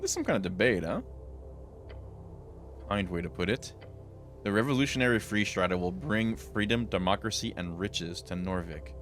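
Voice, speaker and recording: A man with a low, deep voice streams a role-playing game and reads its dialogue aloud. He gives the characters different voices and drops dry comments of his own between lines. Quiet game music plays underneath. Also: normal speed, pauses often. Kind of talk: reading game dialogue aloud with casual asides.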